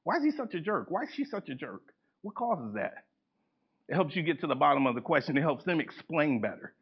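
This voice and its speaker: Animated man teaching a seminar. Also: on the high side, a little fast, husky. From United States. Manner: animated, acts out quoted people, laughs often. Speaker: workshop presenter. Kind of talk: live seminar lecture. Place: conference room with a live audience. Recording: dull lo-fi event recording.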